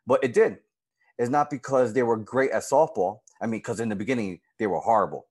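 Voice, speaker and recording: A man, a girls' softball coach, telling his personal story in an interview in an earnest, emotional way. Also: brisk, slightly rough. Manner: earnest and emotional, lively pitch swings when retelling moments.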